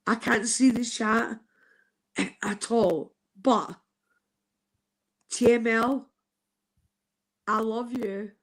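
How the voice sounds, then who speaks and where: Slow, earnest woman in her fifties. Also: on the high side, steady tone. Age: 50s. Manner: earnest, heartfelt, swears casually. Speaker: guest sharing a personal testimony. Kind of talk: emotional live-stream testimony.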